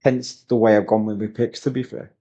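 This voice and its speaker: A man's voice: on the low side, little pitch movement, warm tone, highs cut off. A young man, co-hosting a casual podcast chat and bantering with his partner. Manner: bantering, quick to agree and tease. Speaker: podcast co-host.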